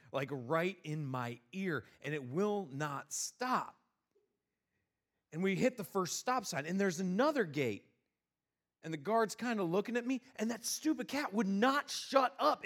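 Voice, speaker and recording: A male pastor with a voice that sits high tells a funny personal story and then preaches a sermon in a lively, exasperated manner.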